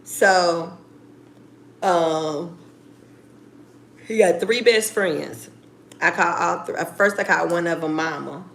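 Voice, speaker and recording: A woman's voice: lowish voice, takes it slowly, vocal fry, pauses often. A middle-aged woman telling a story casually and bluntly, with plenty of swearing, acting out her phone calls. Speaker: vlogger.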